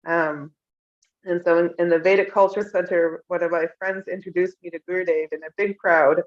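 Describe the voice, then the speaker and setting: A young woman recounting emotional personal memories in an interview, tender and often laughing softly. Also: fairly low pitch, fairly even intonation, normal speed. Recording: dull lo-fi sound.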